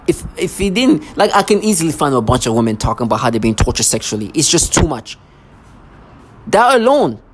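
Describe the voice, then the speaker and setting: A vlogger speaking in a rambling personal monologue, agitated and repetitive, with frequent stammering restarts. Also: mid-range voice.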